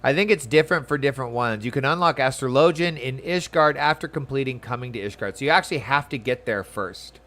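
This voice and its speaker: A man casually commentating his game session, chatty and excitable, often reading the on-screen text aloud. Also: medium pitch, fast, hardly any pauses. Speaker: game streamer. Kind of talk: let's-play commentary.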